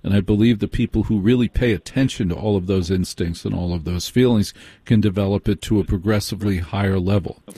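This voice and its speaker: Low, mellow-voiced late-night radio host. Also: male voice, breathy edge, dry recording. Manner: measured, reassuring, addresses callers by name.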